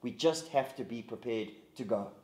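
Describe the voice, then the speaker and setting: A man, a pastor leading a group discussion in an earnest, halting way with many restarts. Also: mid-range voice, darkish tone, roomy sound. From South Africa. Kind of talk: recorded group discussion guide.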